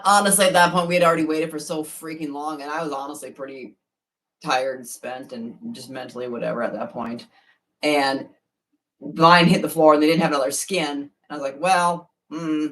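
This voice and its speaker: A woman in a relaxed, casual chat about her eating challenges. She wanders through her stories, trailing off and picking back up. Her voice sits a little away from the microphone. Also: low-pitched, far from the mic. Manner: relaxed, rambling storytelling with fillers. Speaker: competitive eater.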